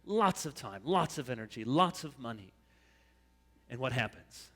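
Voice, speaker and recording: A man preaches to his congregation with a bright, lively voice that rises and falls freely. He is animated, slipping into high whiny voices to imitate grumblers. The sound carries the long reverb of a church sanctuary. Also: normal speed. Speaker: pastor. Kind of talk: sermon.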